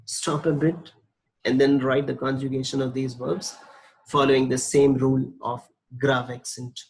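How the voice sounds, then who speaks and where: On poor audio, a man with a mid-range, fairly flat voice teaches French verb conjugation from slides. His delivery is slow and patient, and he spells out letters and repeats each form again and again.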